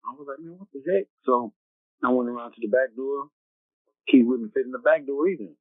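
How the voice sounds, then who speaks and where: A man of middle pitch tells a story in a loose, rambling, streetwise way, checking in with his listener as he goes. The sound is thin and phone-like, very dry, with no room around it. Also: fairly quick, vocal fry, no echo. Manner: rambling, streetwise, tags lines with "right?" and "you know what I'm saying". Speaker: interview guest. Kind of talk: casual personal storytelling.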